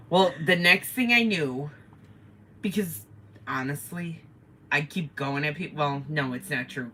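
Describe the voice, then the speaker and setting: A woman with a rather low voice and a bright, forceful tone, spinning a story during a casual live chat. She tells it in an animated way and swears freely. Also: slightly rough. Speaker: co-host of a live chat stream.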